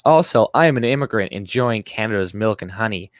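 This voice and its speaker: Low-voiced profane man ranting on stream. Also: expressive, brisk, no room sound, studio quality. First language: French. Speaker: livestream host. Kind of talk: casual livestream chat, reading comments aloud.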